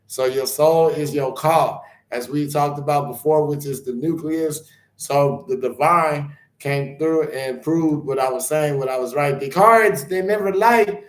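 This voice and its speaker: Guy doing a spiritual card reading, kinda high voice, rambly preachy blessings, roomy echo. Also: fairly even intonation, measured pace. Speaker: spiritual channel host.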